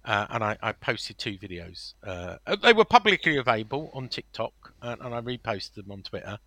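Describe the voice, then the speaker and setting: Man, podcast host, casual football chat, animated storyteller, dry close sound. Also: lowish voice, fairly quick, no echo.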